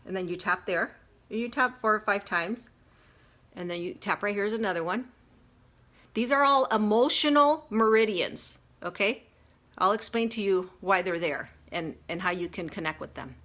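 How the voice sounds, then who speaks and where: A woman's voice: mid-range voice, a bit bright. A woman giving an earnest, chatty self-help talk on a livestream, with lots of fillers and restarts as she explains step by step. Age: adult with a grown daughter. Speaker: life coach. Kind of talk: casual teaching from a livestream. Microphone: phone or webcam livestream.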